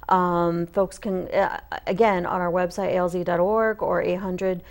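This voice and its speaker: A woman's voice: on the low side, little pitch movement, a little slow. Earnest woman guest on a talk show. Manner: earnest and emphatic, stresses key points. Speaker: guest, association representative. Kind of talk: casual interview.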